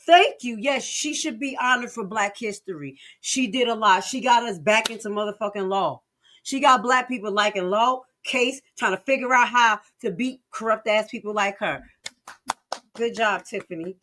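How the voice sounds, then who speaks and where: A woman streamer with reacts in heated, sarcastic bursts. She curses freely and drops from loud outbursts to low mutters. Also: normal speed. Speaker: live-stream commentator. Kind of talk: profane reaction commentary.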